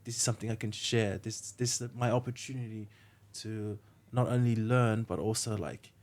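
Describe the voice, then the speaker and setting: A man's voice: on the low side, fairly even intonation, moderate pace, darkish tone. Aussie guy on a podcast, telling stories earnestly, lots of "like". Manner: earnest storyteller, says "like" and "mate" a lot. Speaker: podcast guest, entrepreneur. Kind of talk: casual podcast conversation.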